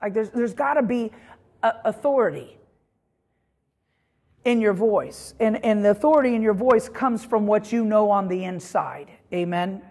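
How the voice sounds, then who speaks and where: A woman's voice: medium pitch, normal speed, a little mellow. A woman teaching a Bible lesson on prayer in a conversational way, with frequent asides and fillers.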